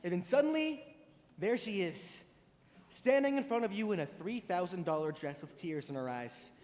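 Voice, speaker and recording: A young man plays a lonely, middle-aged fan of old musicals who muses wryly to the audience in a fairly high, lively voice. He is heard on a school stage with a long echo around him. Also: moderate pace. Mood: wistful. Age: teens. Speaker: narrator. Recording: reverberant auditorium stage.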